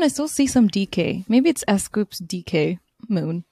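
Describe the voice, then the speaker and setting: A woman's voice: medium pitch, expressive, unhurried, dark tone. A woman co-hosting a podcast in casual chat, playful, asking questions and laughing often. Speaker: podcast co-host.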